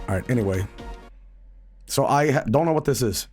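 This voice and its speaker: A man's voice: mid-range voice, lively intonation, a little fast, darkish tone, soft background music. A man streaming a video game, rambling and profane about a dream and the game. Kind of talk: casual game stream commentary.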